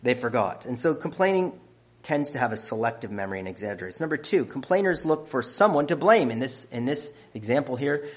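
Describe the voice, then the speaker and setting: A man's voice: mid-range voice, animated, fairly quick. A man preaching a sermon, counting off numbered points with emphatic stress on key phrases.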